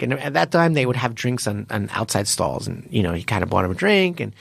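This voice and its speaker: A man's voice: mid-range voice, lively intonation, brisk, creaky, hardly any pauses, breathy edge, no room sound, clean studio sound. A man hosting a podcast, telling stories in casual chat with many restarts and fillers. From United States. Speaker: podcast host.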